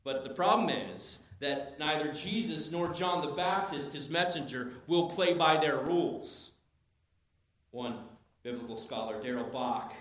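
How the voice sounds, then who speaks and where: A man in his thirties preaching a sermon as pastor, animated, moving between quiet asides and loud emphatic bursts. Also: medium pitch. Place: church sanctuary. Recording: very echoey church hall.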